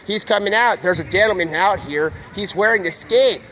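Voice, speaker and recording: A man streaming live, telling a rambling, improvised stream-of-consciousness story and slipping into quick quoted voices. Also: sits high, a bit bright, slight background noise.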